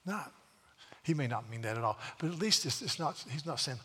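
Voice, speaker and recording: A middle-aged man preaching a sermon to his church, earnest, slowing down to stress words and often repeating himself. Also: mid-range voice, expressive, a bit bright, slightly rough. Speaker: pastor. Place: church sanctuary. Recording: long hall reverb.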